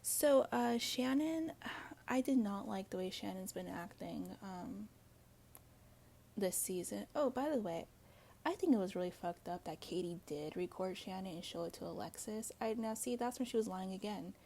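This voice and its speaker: Woman host, gravelly mellow voice, blunt gossipy solo commentary. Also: medium pitch, lively intonation, moderate pace, slight background noise. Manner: blunt, gossipy, swears freely; chatty with frequent fillers and asides. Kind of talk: casual solo commentary to viewers.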